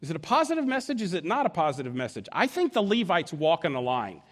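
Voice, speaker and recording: A man with a high, lively voice preaching a sermon. He explains scripture in an animated teaching manner and drops folksy asides with little chuckles. His pitch swings widely as he talks. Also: fast. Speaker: pastor.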